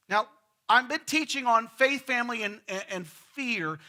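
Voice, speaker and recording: A man's voice: very high voice, expressive, normal speed, pushed and bright. A middle-aged male pastor with a West Texas accent, preaching and telling a joke in a folksy storytelling manner, often repeating words as he starts a thought. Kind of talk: sermon with a told joke. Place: church sanctuary.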